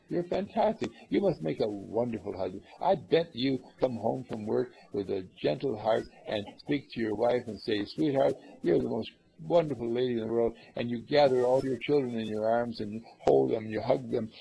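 A man's voice: gravelly, low-quality recording. A man giving an earnest, rambling spiritual talk to a group, with many fillers. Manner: acts out callers in lively higher voices. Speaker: spiritual teacher.

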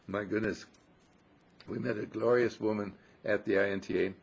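Gravelly, husky older man preaching. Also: fairly low pitch, fairly even intonation, moderate pace. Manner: effusive and affectionate, swoops up on emphasis. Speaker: spiritual speaker. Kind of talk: inspirational talk to a gathering.

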